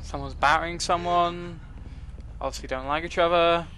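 A young man giving casual, excitable commentary while playing a game, joking and swearing at what happens on screen. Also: on the high side, normal speed, background noise. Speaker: gaming commentator.

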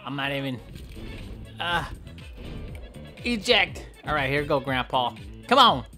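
A man hosting a gameplay video, giving playful, goofy commentary that keeps breaking into yelps and shouts. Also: a little high, sing-song, a little slow, faint music behind. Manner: goofy, trash-talking, yelps and shouts often. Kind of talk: playful let's-play commentary.

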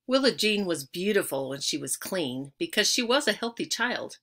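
A woman's voice: lowish voice, sing-song, normal speed, fairly bright tone. A woman reading a children's chapter book aloud, telling it expressively and lingering on key words. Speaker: audiobook reader.

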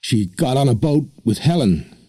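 A man's voice: mid-range voice, lively intonation, moderate pace, dark tone, dry recording, clean studio sound, voice pushed up, close to an everyday voice. A man voicing a frightened old village elder who stammers and pleads. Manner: nervous, stammering.

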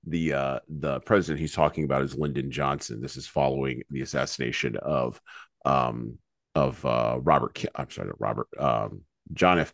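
Deep-voiced man hosting a book podcast. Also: gravelly, dry recording, studio quality. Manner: halting, with many pauses and self-corrections. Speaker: podcast host. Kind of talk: discussing and reading from a book.

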